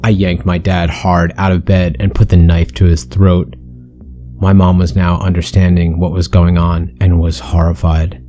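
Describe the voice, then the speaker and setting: A man's voice: deep voice, monotone, a little slow, warm tone, faint music behind. A man narrating a first-person horror story with an intense, brooding delivery.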